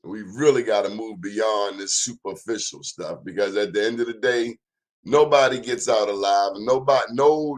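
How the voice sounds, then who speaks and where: Male talk-show host; blunt, sermon-style delivery. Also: medium pitch. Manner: emphatic, sermon-like, plainspoken and blunt. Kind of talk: preachy talk-show monologue.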